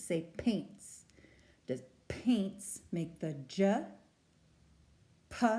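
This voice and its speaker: A woman's voice: on the low side, dark tone. A woman teacher leading a phonics lesson for young children, patiently sounding out letters and words. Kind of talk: early-learning phonics lesson.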